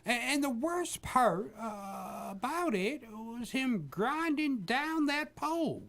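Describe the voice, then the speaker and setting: A man putting on the voice of a prudish, bigoted older male televangelist in a comedy radio bit, talking in a high stammering drawl. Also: sing-song, takes it slowly, a bit bright, exaggerated voice. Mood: indignant.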